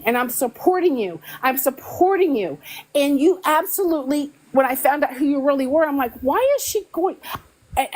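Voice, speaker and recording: A woman's voice: high-pitched, a little mellow, rough recording. A woman arguing heatedly on a live stream, repeating herself and stammering, congested after an illness. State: congested, ears clogged after covid.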